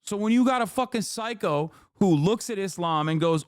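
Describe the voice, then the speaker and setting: A man's voice: on the high side, unhurried, hardly any pauses, no echo, clean studio sound. A man in his thirties ranting angrily and profanely while reacting on a livestream. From Turkey. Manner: angry, profane, emphatic. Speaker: streamer reacting to videos. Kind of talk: heated livestream rant.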